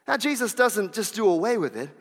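Male pastor, very high bright voice, emphatic repeating delivery, long reverb of a church hall. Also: very animated, a little fast. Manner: emphatic, repeats phrases for effect. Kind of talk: sermon.

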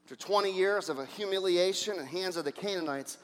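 A male pastor preaching a sermon, energetic, throwing out rhetorical questions and swinging between loud and soft. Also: high voice, fast, in a large hall.

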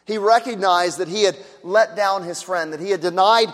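Man, pastor, preaching a sermon, very high voice, long hall reverb, hushed then shouting. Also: normal speed. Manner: swings from hushed and tender to loud shouted preaching.

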